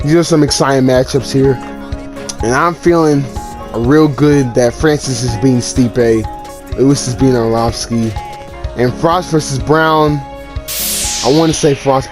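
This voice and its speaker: A man giving casual, brash play-by-play commentary on a video game fight and trash-talking a fighter. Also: medium pitch. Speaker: gaming commentator. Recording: music playing underneath.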